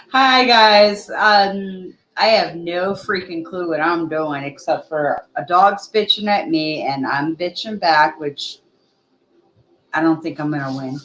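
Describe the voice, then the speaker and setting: A woman's voice: sits low, slow pace, echoey room, a little hiss or hum, rough recording. A woman chatting casually on a livestream at home, talking through earbuds, laughing and scolding a playful puppy. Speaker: livestream co-host.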